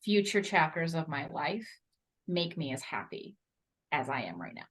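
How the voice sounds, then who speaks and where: A woman co-hosting a chatty podcast, her voice swooping up and down as she talks and laughs with a friend. She slips between bubbly jokes and softer reflective asides. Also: low-pitched, very animated, moderate pace. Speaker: podcast co-host. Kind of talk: casual chat.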